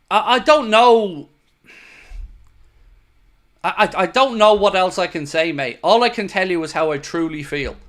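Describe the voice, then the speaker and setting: A man's voice: a little high, fairly bright tone. Frustrated, emphatic man hosting a live fan stream. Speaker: fan channel host. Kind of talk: live stream reading super chats.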